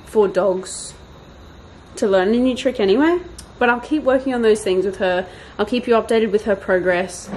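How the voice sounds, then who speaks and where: A woman chatting casually outdoors in a backyard, vlogging while training her dog and calling to it in a high sing-song voice. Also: a little mellow, a little hiss or hum, rough recording. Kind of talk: casual vlog chat.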